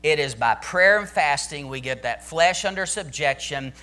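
A man's voice: on the high side, animated, moderate pace, bright, forceful tone. A man pastor preaching a sermon to his church, building to emphatic, intense declarations.

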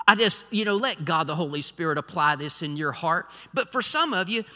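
Bright-voiced male preacher in an echoing hall. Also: on the high side, lively intonation, fairly quick. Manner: preaching with big swings from quiet asides to loud exhortation. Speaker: pastor. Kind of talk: sermon. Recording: long hall reverb.

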